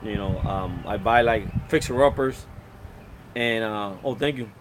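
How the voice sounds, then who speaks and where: A man's voice: lowish voice, unhurried, background noise. Middle-aged man chatting on a phone live stream. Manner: relaxed, rambling, reads out viewer comments. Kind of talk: casual live-stream chat answering viewers. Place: Florida.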